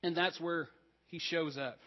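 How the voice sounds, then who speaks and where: Guy preaching in a church, kinda high voice, long echo, bit muffled, chatty and earnest. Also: fairly even intonation, measured pace. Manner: conversational, earnest preaching with asides. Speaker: pastor. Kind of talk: sermon. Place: church sanctuary.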